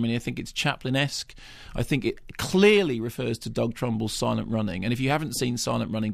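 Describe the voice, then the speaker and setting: A man talking as a film critic on a radio talk show, emphatic and opinionated, in rapid bursts with playful mimicry. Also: mid-range voice, creaky, no room sound, clean studio sound. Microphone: studio microphone.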